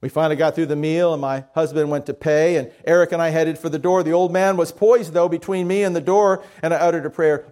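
A man preaching a sermon as a pastor, telling a story earnestly and then praying softly and slowly. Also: a little high, steady tone. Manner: earnest storytelling that drops to a soft, slow prayer. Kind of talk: sermon with a told story and prayer.

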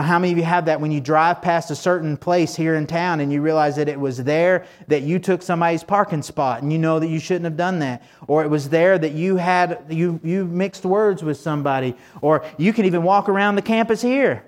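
A man preaching a sermon in a conversational, folksy way, full of fillers and restarts. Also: on the high side. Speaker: pastor.

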